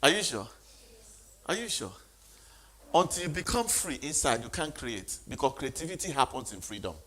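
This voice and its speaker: A man's voice: on the high side, very animated, normal speed, fairly bright tone. A man giving a motivational sermon, speaking emphatically and questioning the audience.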